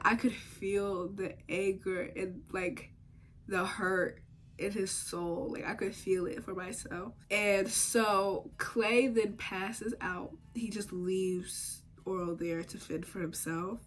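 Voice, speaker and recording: Chatty young woman recapping a cartoon. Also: fairly low pitch. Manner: chatty, rambling, animated retelling; slangy asides. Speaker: TV show reviewer. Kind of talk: casual episode recap. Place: home, recording while doing makeup.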